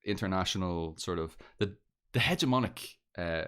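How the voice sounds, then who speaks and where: A man's voice: low-pitched, lively intonation, normal speed, fairly bright tone, clean tone. An Irish man chatting casually on a podcast, rambling with many fillers and restarts. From Ireland. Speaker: podcast guest. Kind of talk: casual chat.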